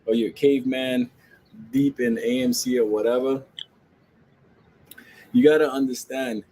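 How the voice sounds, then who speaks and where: A man's voice: mid-range voice, steady tone, measured pace, dark tone, low-quality recording. A man, ranting about the stock market to his viewers in a brash, profane, joking way, laughing often.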